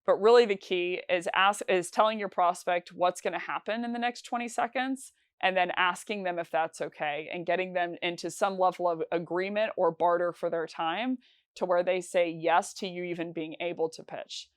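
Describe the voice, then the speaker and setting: A woman's voice: fairly low pitch, fairly even intonation, normal speed, clear, resonant tone, no echo, clean studio sound. A woman teaching sales calls in a conversational, instructional talk, with frequent fillers and restarts. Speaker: sales trainer.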